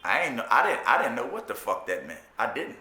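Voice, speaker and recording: A man's voice: mid-range voice, fairly quick. A man casually retelling a personal story, using profane street slang and often asking "you know what I'm saying". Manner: animated retelling with restarts and repetitions. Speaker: storyteller recounting his jail time. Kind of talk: casual spoken storytelling monologue. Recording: echoey room.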